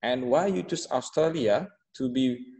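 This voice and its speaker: A man teaching an English lesson, explaining slowly with frequent fillers and restarts. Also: mid-range voice, darkish tone, long reverb tail, low-quality recording. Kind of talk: online classroom instruction.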